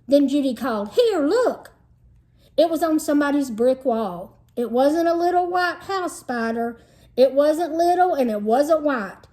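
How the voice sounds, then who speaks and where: A woman, a teacher, reading a children's novel aloud in a lively storytelling manner. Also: high-pitched. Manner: lively storytelling, shifts into character voices. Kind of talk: expressive read-aloud narration.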